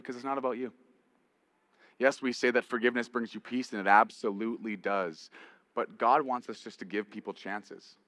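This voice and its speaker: A man preaching a sermon as pastor, rising to emphatic peaks and dropping to a quiet storytelling voice. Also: mid-range voice, no echo.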